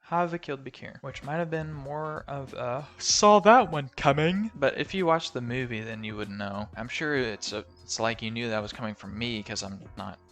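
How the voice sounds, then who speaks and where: A man casually talking through a film's plot in a rambling review, full of fillers and sudden loud exclamations. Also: mid-range voice, steady tone, moderate pace, few pauses. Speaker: movie reviewer. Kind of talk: casual spoken film review.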